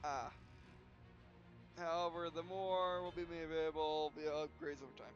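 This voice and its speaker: A man hosting a gameplay video, reading tutorial text aloud with halting restarts and yawns. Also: on the high side, fairly even intonation, highs cut off, soft background music. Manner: halting, frequent restarts, yawning. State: yawning.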